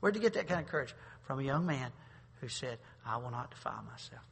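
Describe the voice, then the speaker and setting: A man pastor preaching a sermon, swinging between loud bursts and quiet asides. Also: medium pitch, expressive, fast, vocal fry, slightly rough. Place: church sanctuary. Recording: long reverb of a large hall.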